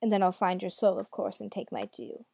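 A woman's voice: medium pitch, animated, a little fast, vocal fry, dark tone, husky, dry recording, exaggerated voice. Woman putting on a smug, sneering devil. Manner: cool and mocking.

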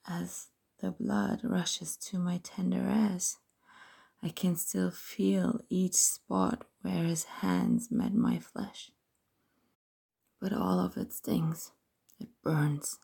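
Whispering woman, slow and gravelly. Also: on the low side, lively intonation. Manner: soft breathy whisper, slow and intimate. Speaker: narrator of an erotic audio story. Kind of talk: whispered role-play.

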